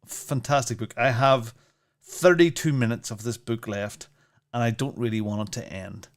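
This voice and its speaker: A man chats on a podcast with an ordinary mid-range pitch. He rambles along, stacking fillers and repeating himself as he goes. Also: normal speed. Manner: rambling, chatty, many fillers and restarts. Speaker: podcast co-host. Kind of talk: casual chat.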